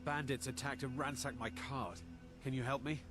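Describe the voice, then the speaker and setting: A wary game merchant, voiced by a man, pleading for an escort after bandits robbed his cart. He speaks at a middling pitch with music playing underneath. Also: fairly even intonation, moderate pace, fairly bright tone, lightly acted. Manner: pleading, asking for help.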